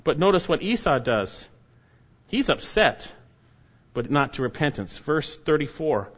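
Guy preaching a bible sermon, kinda high voice, gets loud and pushy when he exhorts, muffled lo-fi sound. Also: sing-song, unhurried. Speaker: pastor. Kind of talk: expository sermon. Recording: dull lo-fi sermon recording.

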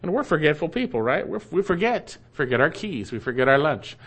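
A man preaching a sermon with a slightly high voice. He reads scripture at a slow pace, then repeats key phrases with emphasis. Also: sing-song, a bit bright, husky.

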